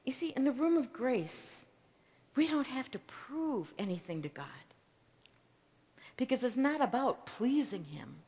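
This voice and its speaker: Slow, dramatic woman preaching in a hall. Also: high-pitched, sing-song. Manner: dramatic, swings from loud declaration to hushed whisper. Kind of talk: sermon storytelling. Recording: long reverb of a large hall.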